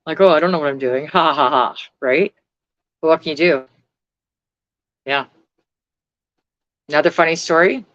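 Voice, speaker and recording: A woman's voice: low voice, no echo. Middle-aged woman vlogger, blunt and rambling, casual live-stream talk, muffled dry audio. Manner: blunt, rambling, swears freely.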